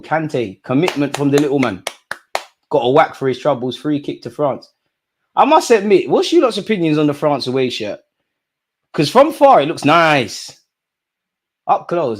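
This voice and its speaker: A young man with a London accent hosts a live football watch-along stream. His speech is loose and slang-heavy as he trades teasing banter with his chat. His voice sits at an everyday middle pitch for a man. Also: sing-song, normal speed. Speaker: streamer host.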